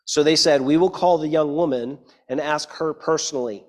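A man's voice: fairly high pitch, normal speed, darkish tone, big-room sound. A man preaching a sermon, reading scripture aloud and then explaining it, often checking in with the listeners. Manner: reads scripture then explains it, with frequent "right?" asides.

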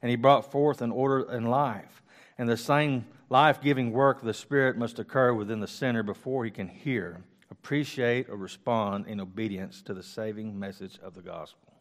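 A man teaching Bible study reads scripture aloud in a mid-range voice. He then returns to it slowly, with restarts and casual asides, and the microphone is placed close.

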